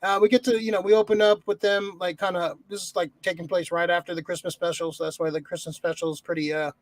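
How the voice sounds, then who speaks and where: High-voiced swearing podcast guy. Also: little pitch movement, fast, no room sound. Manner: swears a lot, rambling with many fillers. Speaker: podcast co-host. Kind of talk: casual movie review chat.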